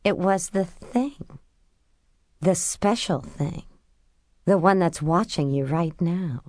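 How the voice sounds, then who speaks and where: A woman voicing a cold, sly inner voice in an audiobook, speaking slowly and menacingly. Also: fairly low pitch, darkish tone, no echo, clean studio sound. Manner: slow and cold. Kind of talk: audiobook character voice.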